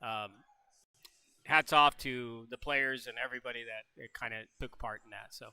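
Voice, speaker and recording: Older head coach, bright halting talk. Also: male voice, medium pitch, fairly even intonation, a little hiss or hum. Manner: folksy, halting, restarts often. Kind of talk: postgame interview.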